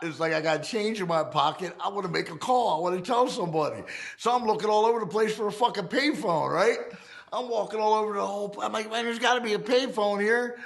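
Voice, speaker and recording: This middle-aged American former prisoner narrates his life in a high-pitched voice with vocal fry. He keeps it casual, animated, and full of profanity, imitating the voices he quotes.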